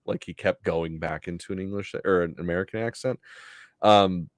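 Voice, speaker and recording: A man's voice: low-pitched, moderate pace, dry recording, studio quality. A man co-hosting a horror podcast in casual chat, laid-back and swearing a lot, often laughing. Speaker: podcast co-host.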